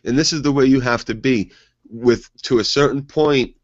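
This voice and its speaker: Dude co-hosting a tv recap, blunt, pushes back hard, dry muffled audio. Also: male voice, medium pitch, moderate pace, dry recording. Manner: blunt, argumentative. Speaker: co-host. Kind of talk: casual TV recap chat.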